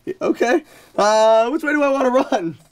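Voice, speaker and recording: A man playing a tabletop board game, chatting in an animated, excitable way. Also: very high-pitched, normal speed. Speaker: player. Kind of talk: casual game-table banter.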